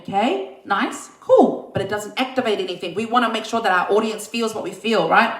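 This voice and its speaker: A woman's voice: mid-range voice, animated, a little fast, roomy sound. A woman giving a live online singing lesson in an upbeat way, often checking in with her listeners. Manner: upbeat, checks in with "okay?" and "right?". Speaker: singing teacher.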